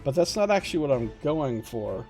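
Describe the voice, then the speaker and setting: A man's voice: medium pitch, big pitch swings, brisk, darkish tone, faint music behind. Wry man reading a gamebook aloud. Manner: wry, joking asides. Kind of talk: casual commentary and read-aloud narration.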